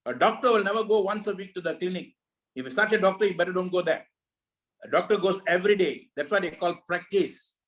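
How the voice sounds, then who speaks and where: A man's voice: high voice, fast talker, fairly bright tone, rough recording. A man leading a network marketing meeting over a video call, giving a preachy motivational talk full of repeated rhetorical questions.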